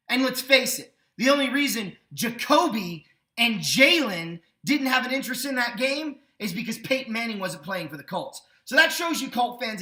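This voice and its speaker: A man's voice: very high voice, pushed and bright. Ranting sarcastic man in an echoey room. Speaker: podcast host. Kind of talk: sports opinion rant.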